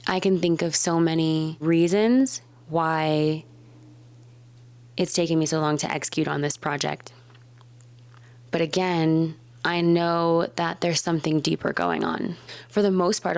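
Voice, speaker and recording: A woman vlogging, talking thoughtfully and softly to camera about her own habits and fears, sometimes dropping to a whisper. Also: low voice. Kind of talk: reflective casual talk to camera. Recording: echoey room with faint background noise.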